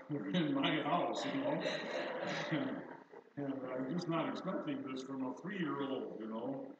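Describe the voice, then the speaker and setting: An older man preaches to his congregation in a loose, chatty way, telling stories with a dry, self-deprecating humor. His voice sits at a middle pitch and comes from a distance in a big, very echoey church. The sound is dull and muffled. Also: a little slow, heavy background noise. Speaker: pastor. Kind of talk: sermon. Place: church sanctuary.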